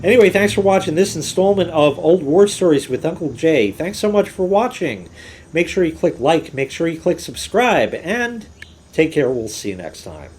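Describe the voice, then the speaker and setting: A man's voice: on the high side, sing-song, normal speed, a little mellow, a little hiss or hum. A middle-aged man hosting his own channel, telling a workplace story in a loose, casual way and swearing freely. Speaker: host.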